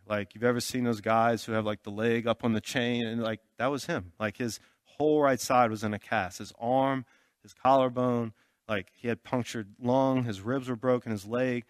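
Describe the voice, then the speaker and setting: A pastor's sermon unfolds through a story from his own life, told in a relaxed, conversational way with plenty of fillers and regular check-ins with listeners. His voice sits at medium pitch, and the recording is dry and of studio quality.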